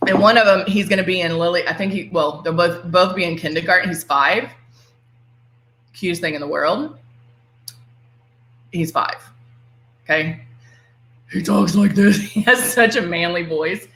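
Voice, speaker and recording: A woman's voice: fairly low pitch, brisk, a bit bright, echoey room, low-quality recording. A woman, presenting a casual live makeup demo from home, chatty and giggly, greeting viewers by name. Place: home room.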